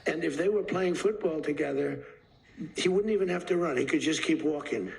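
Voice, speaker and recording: A man's voice: a little high, fairly quick, vocal fry, poor audio. A man giving a rambling off-the-cuff speech as president, emphatic and repetitive, acting out stories. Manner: animated storyteller acting out quotes.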